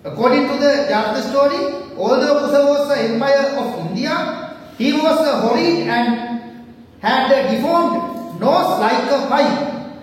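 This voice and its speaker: A woman with a high voice gives an academic lecture, pausing often with fillers and correcting herself as she goes. She is recorded from a distance in a large room with a long, heavy echo. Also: soft background music. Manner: halting, with frequent fillers and self-corrections. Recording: echoey hall, mic far off.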